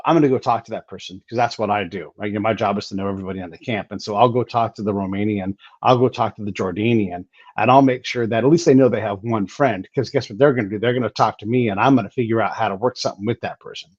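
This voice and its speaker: A man hosting a casual conversation, telling stories emphatically and talking in quick bursts. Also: mid-range voice, no room sound. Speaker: podcast host. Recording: dull lo-fi recording.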